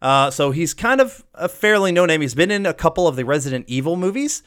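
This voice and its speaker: A man's voice: fairly high pitch, expressive, a bit bright, smooth. Swearing, enthusiastic male podcast co-host. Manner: enthusiastic, swears freely, quick asides. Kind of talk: casual movie-recasting chat.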